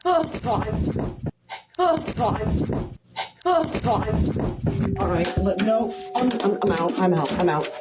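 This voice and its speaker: Slow, nervous woman filming on her phone. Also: mid-range voice, animated, very noisy. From Illinois, USA. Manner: nervous, hushed, hesitant. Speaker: hotel worker filming herself. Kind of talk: phone video commentary.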